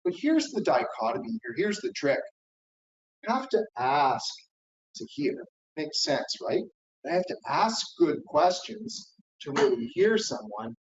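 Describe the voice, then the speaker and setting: In an echoey conference hall, a middle-aged keynote speaker talks in a coaching tone, often checking in with "right?" and "okay?". His fairly high voice swings widely in pitch and runs a little slow. The sound is dull and lo-fi.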